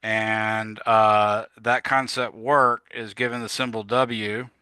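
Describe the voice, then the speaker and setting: A man's voice: fairly low pitch, flat delivery, slow, sharp tone, clear, resonant tone, no room sound. A man teaching a physics class in a casual, rambling lecture style, often correcting himself and using filler words. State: yawning, a bit tired. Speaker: physics instructor.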